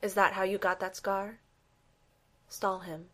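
A woman's voice: mid-range voice, little pitch movement, a little slow, a bit bright, natural voice. A woman reading the part of a blunt, dry-witted woman soldier from the 1940s. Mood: cool. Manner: blunt, cool.

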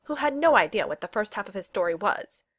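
Woman reading a story aloud, lively pitch. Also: fast, husky. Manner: reads narration evenly and voices the characters' lines with lively pitch jumps. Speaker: audiobook reader. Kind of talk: storybook narration.

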